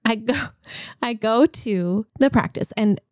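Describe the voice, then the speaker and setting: A woman in her forties, a podcast co-host, telling a story in a lively, laughing, casual way. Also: a little high, slow pace, dry recording, clean studio sound. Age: 40s. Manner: animated storytelling, laughs often. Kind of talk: casual chat.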